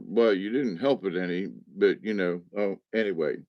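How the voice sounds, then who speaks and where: On a flat, dry lo-fi recording without echo, a spiritual card reader spins a casual, meandering monologue. His voice sits on the lower side and moves at a normal speed, and he chuckles frequently while telling his folksy tales.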